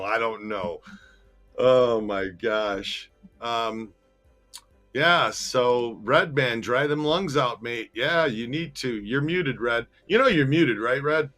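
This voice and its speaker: A man hosts a casual podcast and reads viewer comments aloud. He laughs readily, teases his co-host, and speaks slowly in a bright, mid-pitched voice. Faint music sits in the background.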